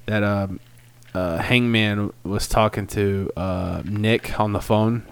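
A man's voice: fairly low pitch, steady tone, slow pace, creaky, clean tone, no echo. A man co-hosting a casual podcast chat, laughing often and acting out quotes in raised voices. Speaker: podcast co-host. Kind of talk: casual chat about wrestling.

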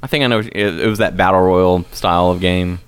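A man's voice: low voice, fairly even intonation, fairly quick, clear, resonant tone. A man in his thirties co-hosting a podcast in casual chat, laid-back and easygoing. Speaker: podcast co-host.

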